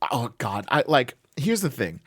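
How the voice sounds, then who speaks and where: A man co-hosting a podcast, excitedly recapping a comic book issue, laughing often and acting out the characters' lines. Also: mid-range voice, a little slow, breathy edge, no room sound, clean studio sound. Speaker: podcast co-host.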